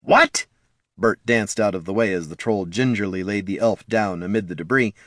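A man narrating an audiobook in an expressive storytelling manner. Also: lowish voice, fairly quick, dry recording, studio quality.

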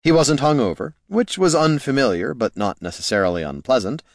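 A man narrating a fantasy audiobook in a wry, expressive storytelling manner. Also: mid-range voice, fairly quick, vocal fry, dry recording, clean studio sound.

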